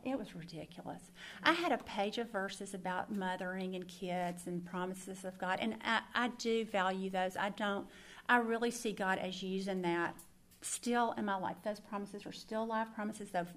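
Gravelly-voiced woman giving testimony. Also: medium pitch, a bit bright. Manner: earnest, emphatic, confiding, repeats words for stress. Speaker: Christian speaker. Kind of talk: personal testimony sermon.

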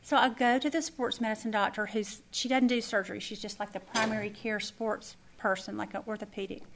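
Animated middle-aged woman telling a story. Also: fairly high pitch, a little fast, a little hiss or hum. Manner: animated storyteller who acts out quoted dialogue. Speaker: Bible study teacher. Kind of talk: personal story in a faith lesson.

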